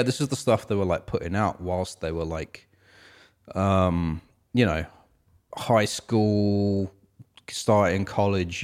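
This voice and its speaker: A young man co-hosting a casual music podcast, talking in loose, rambling sentences full of fillers. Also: sits low. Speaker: podcast co-host. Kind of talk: casual chat about music.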